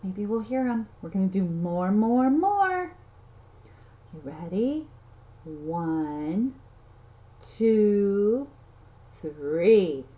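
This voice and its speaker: A woman's voice: medium pitch, lively intonation, extremely slow, long pauses. A woman giving a playful lesson to toddlers, counting aloud and making animal sounds in a sing-song way. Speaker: children's teacher. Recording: slightly dull audio, faint noise.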